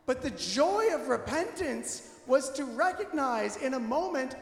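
A man preaching a candid, conversational sermon in a church, animated and self-deprecating. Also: very high voice, a little slow, few pauses. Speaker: pastor. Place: church sanctuary. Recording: echoey hall with long reverb.

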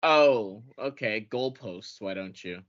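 A man's voice: fairly low pitch, lively intonation, slow pace. Man, podcast co-host, webcam call, sarcastic, teasing, profane, muffled lo-fi audio. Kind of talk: casual comedic movie recap. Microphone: webcam call setup.

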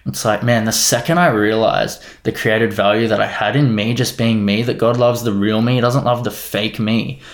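A man's voice: fairly low pitch, steady tone, moderate pace, hardly any pauses. A young man casually sharing his faith story, earnest and rambling, with lots of "like" and "you know". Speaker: guest sharing faith testimony. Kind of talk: casual faith testimony chat.

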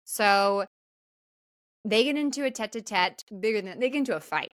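A woman co-hosting a casual podcast and recapping a film in detail. She is animated, laughs easily and acts out bits of dialogue as she tells the story. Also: medium pitch, normal speed, no echo. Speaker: podcast co-host.

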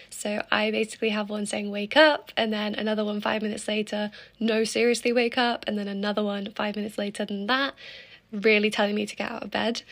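A woman's voice: medium pitch, vocal fry. A teenage girl hosting her own podcast, chatting casually and upbeat with frequent laughs. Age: teens. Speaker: podcast host. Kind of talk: casual solo podcast chat.

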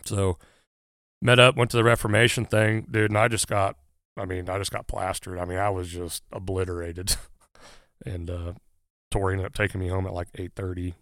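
A man speaks in a lower register, recounting events in an earnest, halting way. His sound is close and dry, with no room in it. He talks casually, as if to a friend across the table. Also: level tone, fairly bright tone, dry recording. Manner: halting, many "uh" fillers, earnest. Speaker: guest, firefighter. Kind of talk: casual conversational storytelling.

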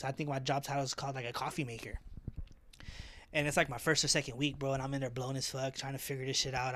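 A young man, a podcast guest, telling animated, slang-heavy stories full of swearing. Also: mid-range voice. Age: young adult. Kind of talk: casual storytelling.

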